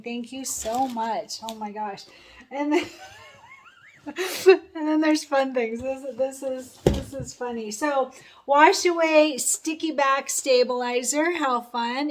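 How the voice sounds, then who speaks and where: A woman hosting a sewing channel, gushing and laughing as she unboxes a sponsor's package. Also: fairly high pitch. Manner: gushing, excited, laughs often. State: a little choked up. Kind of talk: unboxing vlog.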